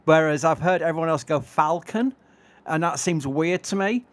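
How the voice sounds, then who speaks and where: A man's voice: on the high side, moderate pace. A man with a Yorkshire accent chatting casually and self-deprecatingly as a livestream co-host. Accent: Yorkshire English. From England. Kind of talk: casual live-stream chat.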